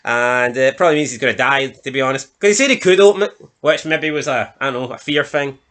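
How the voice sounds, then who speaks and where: Bright-voiced man recapping an episode. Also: mid-range voice, fast talker. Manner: rambling, loose recap with restarts and swearing. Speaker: film and TV reviewer. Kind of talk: casual review chat.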